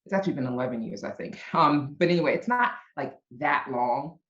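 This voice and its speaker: A woman's voice: low voice, brisk. A middle-aged woman with a Brooklyn accent chats as a podcast guest, telling stories with plenty of laughs. Her voice sits in a roomy space, and the sound is slightly dull and muffled. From Brooklyn, New York. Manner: animated storyteller, laughs often. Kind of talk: casual interview chat.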